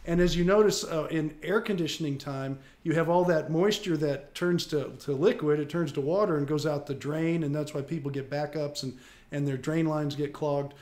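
Male radio host, home repair advice, plain-spoken and methodical, slightly high pitch. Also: normal speed, darkish tone. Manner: plain-spoken, explains step by step. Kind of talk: casual radio call-in advice.

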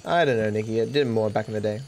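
A man's voice: fairly low pitch, quick pace, a little mellow, a little hiss or hum. An Australian man livestreaming a game, chatting offhand and answering viewers' questions. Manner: offhand, reads and answers chat. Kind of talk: casual chat while gaming.

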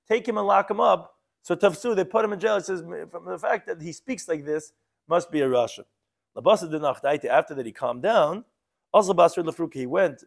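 Rabbi teaching a Talmud class, a man a slightly high voice and a relaxed delivery, reading each phrase before explaining it. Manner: reads Aramaic phrases, then explains in casual English with asides. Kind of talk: Talmud lesson, translating Aramaic line by line.

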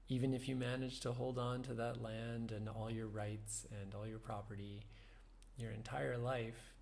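Man, meditation teacher, unhurried reflective talk, gravelly fry, mid pitch. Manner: slow, thoughtful, with soft laughs and fillers.

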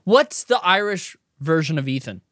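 A young man co-hosting a podcast in casual chat, goofy and excitable, laughing a lot. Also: a little high, normal speed. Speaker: podcast co-host.

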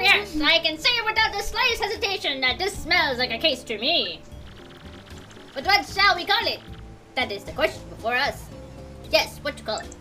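A woman's voice: very high voice, sharp tone, heavily acted. A woman voicing a pompous male penguin detective who talks in grand, self-satisfied phrases for a let's play.

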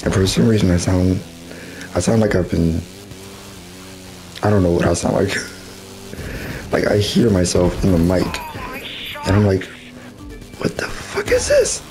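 Hoarse low-voiced man commenting on a race game. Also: fairly even intonation, measured pace, long pauses, dark tone, soft background music, low-quality recording. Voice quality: rough, smoker-like. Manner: chatty, laughs often, exclaims at the race. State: hoarse, voice going out. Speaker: gaming channel host. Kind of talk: casual gameplay commentary.

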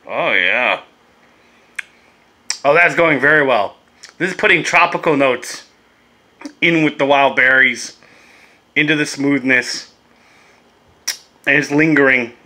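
A man's voice: on the high side, fairly even intonation, measured pace, pauses often, pushed and bright. A laid-back man chatting casually and swearing as he reviews vape gear in a vlog, coughing now and then.

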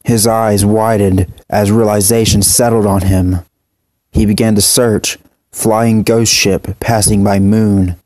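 A man reading a dark horror story aloud in a steady, measured narration. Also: on the low side, no room sound.

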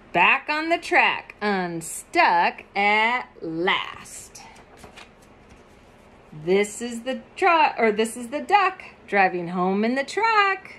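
Woman reading a children's book aloud, high lively voice, very unhurried, chatty asides. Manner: expressive, with chatty asides about the pictures. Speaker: picture book reader.

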